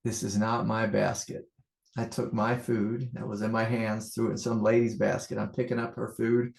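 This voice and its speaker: A man, a spiritual teacher, telling a story to a group in an animated way and then speaking slowly and softly about awareness. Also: on the low side, creaky, roomy sound. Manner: animated storytelling, loud mock-yelling; slow, soft, meditative.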